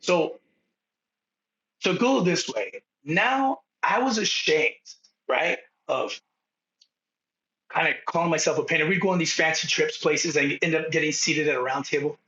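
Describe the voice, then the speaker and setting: A man guesting on a podcast, telling stories in a casual, animated way. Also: on the high side, measured pace, roomy sound, lo-fi sound. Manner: animated, acts out dialogue. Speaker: podcast guest, painting contractor. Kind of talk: storytelling in casual conversation.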